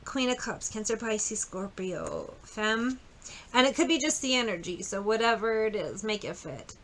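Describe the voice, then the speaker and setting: A woman's voice: mid-range voice, expressive, normal speed, a bit bright. A woman giving a casual tarot reading, chatty and blunt, swearing freely as she tells a story. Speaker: tarot reader.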